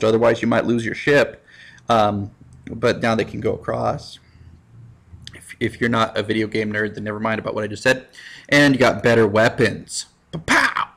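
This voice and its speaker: A man, a high school history teacher, giving a casual recorded lecture with jokey, self-mocking asides. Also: fairly bright tone.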